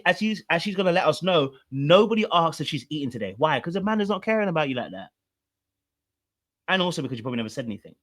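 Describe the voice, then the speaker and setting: A relationship coach, a man with a slightly high voice, comments on a clip that was played, explaining his points through repeated rhetorical questions.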